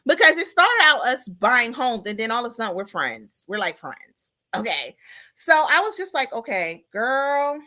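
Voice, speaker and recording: A woman in her forties hosts a casual talk show, telling her story. Her voice is bright and a bit high, and it swings up and down a lot as she talks to her listeners. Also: normal speed. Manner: animated storytelling, talks back to the audience with "y'all" and "girl". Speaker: podcast host. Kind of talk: casual chat.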